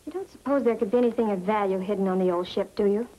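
A woman's voice: mid-range voice, very fast, mellow, close to an everyday voice, poor audio. An actress playing a wry young woman in a 1940s film, breezy and wisecracking.

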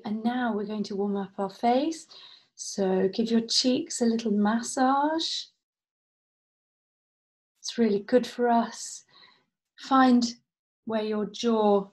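A woman, a vocal coach leading a guided vocal warm-up at home, playful and encouraging. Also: medium pitch. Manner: encouraging, playful instruction with demonstrated sounds. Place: home, indoors.

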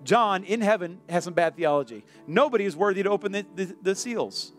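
A man with a high, light voice preaches to his church, animated and lively. He acts out the voices of the people in his story. Faint instrumental music plays softly behind him. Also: a little fast. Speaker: pastor. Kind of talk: sermon. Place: church sanctuary.

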